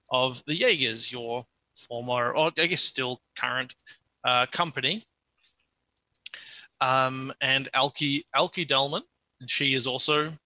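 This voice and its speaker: A man's voice: medium pitch, bright, forceful tone, no room sound. A man narrating as game master of a tabletop game, setting scenes in a loose, descriptive way.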